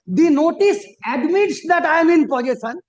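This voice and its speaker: A man arguing formally before a judge as an advocate, deferential and halting, with frequent restarts and emphatic rises on key points. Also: extremely high pitch, lively intonation, muffled recording. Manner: deferential, peppered with repeated formal address to the bench. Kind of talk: formal courtroom argument. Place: courtroom.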